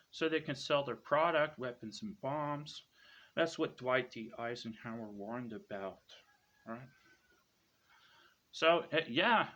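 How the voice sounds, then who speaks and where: Smug lecturing man, bright lo-fi sound. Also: a little high. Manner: lecturing, repeats "right?" after each claim; smug, scornful. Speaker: online commentator. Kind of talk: ranting monologue to viewers.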